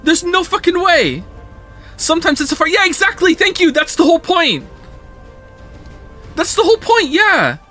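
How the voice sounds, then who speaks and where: A man streaming a game talks straight at his chat in a very high, sharp voice. He rants in a loose, profane way and keeps pushing back on what they say. Faint game music runs quietly behind him. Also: sing-song, moderate pace, pauses often. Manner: incredulous, profane ranting at chat. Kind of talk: casual live-stream chat.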